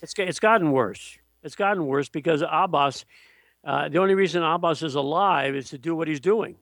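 Man, interview guest, blunt scornful political talk, fairly high voice, dry close recording. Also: a little fast, fairly bright tone, dry recording. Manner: blunt, scornful, with frequent restarts. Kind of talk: political commentary.

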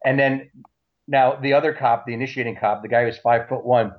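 A man telling a story in casual talk, animated and repeating words as he goes. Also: mid-range voice, a little fast. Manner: animated, acts out shouting cops; repeats words and restarts often. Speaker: guest recounting a story. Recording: slightly dull lo-fi audio.

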